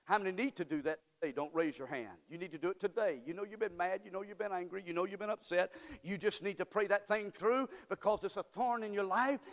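Older male pastor, high-pitched, emphatic folksy preaching, long church-hall echo. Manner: preaching with rising, emphatic delivery and folksy asides. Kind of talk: sermon. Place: church sanctuary.

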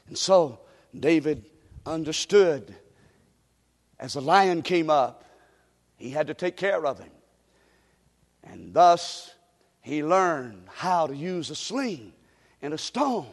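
A man, preaching a sermon as pastor, swinging from low asides to shouting. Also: big pitch swings, takes it slowly, pauses often. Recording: long hall reverb.

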